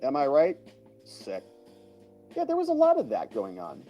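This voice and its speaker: A man's voice: fairly high pitch, huge pitch swings, moderate pace, dull audio, soft background music. A man hosting a casual livestream, chatty and chuckling as he thanks viewers by name and reacts to their comments. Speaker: livestream host.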